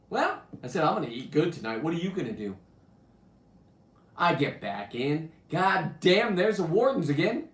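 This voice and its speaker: A man's voice: fairly high pitch, expressive, normal speed, roomy sound. A man hosting a show, telling brash, profane diving stories in a boastful, swinging voice. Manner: brash, profane and boastful, swinging between loud bursts and mutters. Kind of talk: profane casual storytelling.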